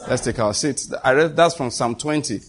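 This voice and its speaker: A middle-aged man, preaching a sermon to a congregation and leading call-and-response, animated and quick to laugh. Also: medium pitch, background noise. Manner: animated, laughs often, shifts to quoted voices. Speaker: pastor. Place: church hall before a congregation.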